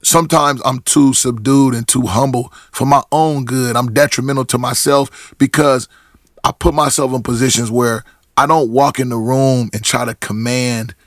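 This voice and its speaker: A man's voice: mid-range voice, steady tone, normal speed, no room sound, studio quality. A middle-aged man from Portland, a rapper talking as a podcast guest in casual chat, telling stories with many restarts and acted-out quotes. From Portland, Oregon.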